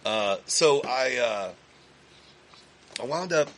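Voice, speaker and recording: A man's voice: medium pitch, slow. A man from Texas, a podcast guest in a recording studio, telling long stories in a casual, profane way full of fillers and restarts. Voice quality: profane, animated storyteller with lots of fillers. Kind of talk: casual storytelling chat.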